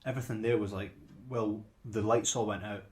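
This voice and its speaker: A man co-hosts a casual podcast on films, speaking a little fast in a lowish, steady, slightly mellow voice. He rambles and repeats words while working his way toward his point.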